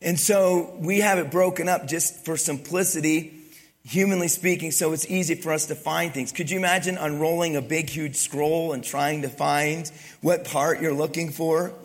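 Animated male pastor preaching. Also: fairly high pitch, normal speed. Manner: animated preaching, swings from loud emphasis to quiet asides, joking. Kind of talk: sermon.

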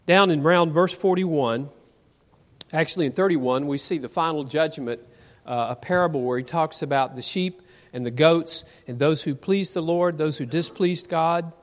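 A preacher delivers an earnest sermon in a church sanctuary, frequently posing rhetorical questions to the congregation at a moderate pace. His voice is somewhat high for a man and echoes long through the hall.

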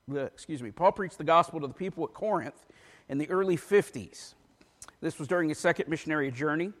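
High-voiced preacher man in a reverberant hall. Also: fairly bright tone. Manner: emphatic preaching delivery, reads scripture aloud. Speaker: pastor. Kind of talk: sermon. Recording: long reverb of a large hall.

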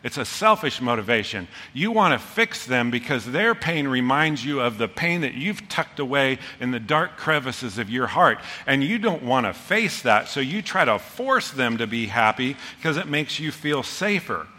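Excitable pastor in a reverberant hall. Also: male voice, medium pitch. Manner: animated, excitable, fast bursts then slowing down. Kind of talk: sermon.

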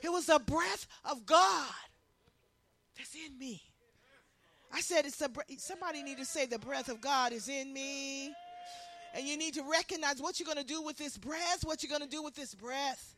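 A woman preaching a sermon with passion, swinging from loud, shouted lines to hushed ones. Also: sits high, normal speed.

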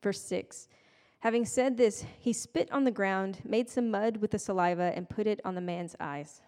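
A woman's voice: mid-range voice, normal speed, darkish tone. A woman giving a casual, conversational sermon with playful, self-deprecating asides. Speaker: preacher. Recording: long hall reverb.

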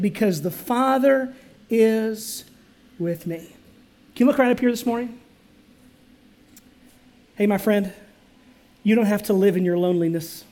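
With a high voice, a male pastor gives a sermon in church, inviting the congregation's replies as he rises to loud declarations and drops to near-whispers.

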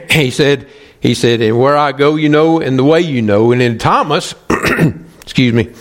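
Man, pastor, sermon, emphatic, drawn-out pauses. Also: medium pitch.

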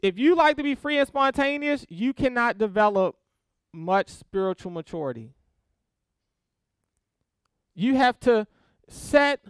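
A man's voice: extremely high pitch, expressive, takes it slowly, long pauses, clear, resonant tone, no room sound, studio quality. A man teaching an informal sermon on spiritual disciplines, talking conversationally and often checking in with his listeners. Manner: conversational, checks in with frequent "okay?" and "right?".

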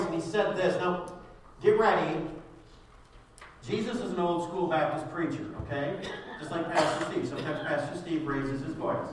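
A male pastor preaching a sermon with fervor, often raising his voice at the high points. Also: steady tone, normal speed. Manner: fervent, rising to raised voice at climaxes. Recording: echoey room heard from a distance.

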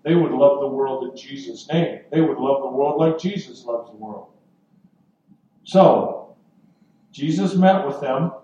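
A man preaching a sermon as pastor, earnest and deliberate, with dramatic pauses. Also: medium pitch, mellow, dull audio. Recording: echoey room from far off.

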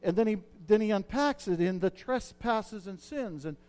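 A man's voice: high voice, lively intonation, moderate pace, darkish tone, clean tone. A middle-aged male pastor giving a sermon in a conversational way, checking in with his listeners as he explains a passage.

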